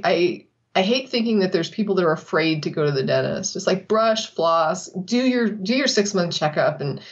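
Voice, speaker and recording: A woman co-hosting a casual chat, telling stories animatedly, laughing often and acting out what others said. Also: mid-range voice. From Texas. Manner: animated storyteller, laughs often, acts out quotes. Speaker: co-host. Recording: slightly dull lo-fi audio.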